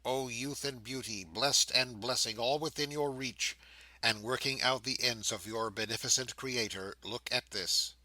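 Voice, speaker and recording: A man's voice: medium pitch, a little slow, pushed and bright, no echo, poor audio. A man reading an audiobook, voicing a fallen young woman who pleads with tremulous grief. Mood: anguished.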